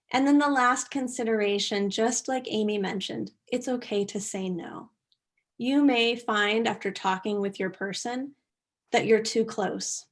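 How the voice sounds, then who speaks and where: A middle-aged woman presenting an online workshop, speaking in a gentle, earnest way with frequent restarts. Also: medium pitch.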